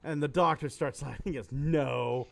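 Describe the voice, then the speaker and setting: A man's voice: mid-range voice, normal speed, gravelly. A man co-hosting a casual podcast, telling a crude joke and putting on voices for its characters. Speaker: podcast co-host. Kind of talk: casual crude chat about toys.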